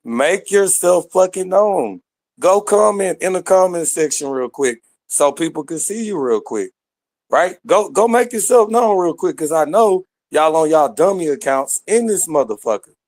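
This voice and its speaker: A man's voice: high-pitched, lively intonation, normal speed, darkish tone, no echo. Profane ranting man, dry close sound. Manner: confrontational, profane, slangy. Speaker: speaker in an online audio room. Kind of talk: heated rant.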